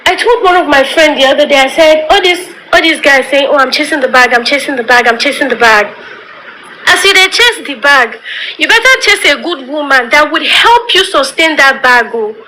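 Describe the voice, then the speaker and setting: A young Nigerian woman with a high, bright voice and a Nigerian accent speaks straight to her viewers. She is impassioned and raw, and she slips into pidgin phrases. One moment she laughs, the next she is close to tears. A faint background noise sits under her voice. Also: expressive, moderate pace, poor audio. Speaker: social media commentator. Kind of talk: emotional vlog rant.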